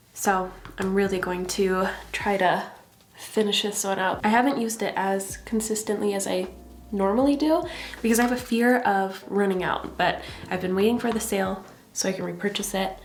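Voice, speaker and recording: A woman's voice: medium pitch, vocal fry, slight background noise. A young woman from Canada chatting casually through a makeup tutorial. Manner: chatty, relaxed product talk. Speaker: makeup vlogger. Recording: roomy echo.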